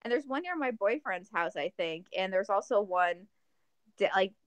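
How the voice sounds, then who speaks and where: A woman co-hosts a podcast in casual chat, animated and joking as she rambles through her plans. Her voice sits at a middling pitch. It is recorded close and dry, with no room sound. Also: normal speed, clear, resonant tone, dry recording. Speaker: podcast co-host.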